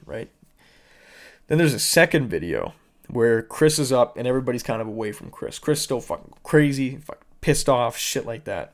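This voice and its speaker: A man hosting his own podcast, retelling a viral video in casual solo commentary, swearing often and acting out the people in it. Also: medium pitch. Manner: swears a lot, animated retelling. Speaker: podcast host.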